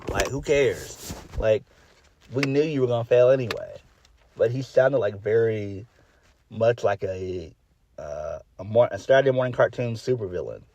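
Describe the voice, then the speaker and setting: A man's voice: on the low side, normal speed, mellow. A man giving a casual solo review of a wrestling show, blunt and exasperated, swearing freely and trailing off into fillers.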